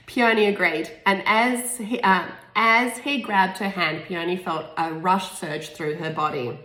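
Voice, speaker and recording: A lower-pitched woman reading her own novel aloud in a relaxed, unpolished way. She restarts stumbled words and breaks off for small asides. The room around her has a noticeable echo. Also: measured pace. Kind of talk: informal audiobook reading. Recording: echoey room.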